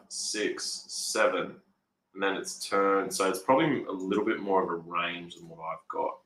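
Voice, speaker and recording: A man's voice: deep voice, a bit bright, echoey room, poor audio. A man rambling through casual, unscripted market commentary as a trader, swearing a lot and sounding frustrated. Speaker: trader talking through his charts.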